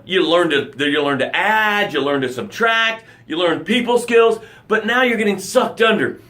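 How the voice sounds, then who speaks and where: A man hosting a live motivational broadcast as a coach, talking energetically and reading out viewer comments. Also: high voice. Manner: energetic, animated, reads viewer comments aloud.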